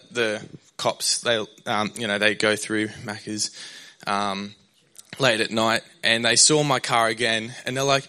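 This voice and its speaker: A man's voice: mid-range voice, bright, forceful tone, clean tone. A young man, a pastor, sharing a candid personal testimony in a sermon, rambling with fillers and restarts.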